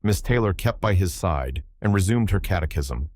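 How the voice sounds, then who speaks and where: Low-voiced male audiobook narrator. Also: animated, moderate pace, hardly any pauses, darkish tone, no echo.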